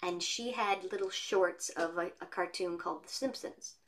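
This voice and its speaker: A woman voice actress chatting as an interview guest from her home studio, telling stories in a lively way. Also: fairly low pitch, normal speed, a little hiss or hum. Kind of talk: casual interview chat.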